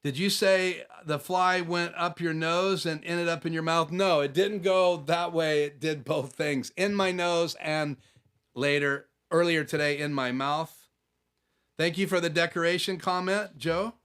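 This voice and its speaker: A man's voice: fairly high pitch, fairly even intonation, measured pace, fairly bright tone, smooth. A man hosting a casual live stream from his home office, chatting and answering viewer comments as they come in.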